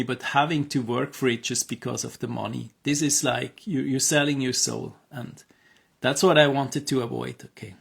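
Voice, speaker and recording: Male health coach, casual to-camera pitch, gravelly edge to the voice, halting with lots of fillers. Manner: hesitant, many fillers and restarts; earnest, encouraging. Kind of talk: casual promotional monologue.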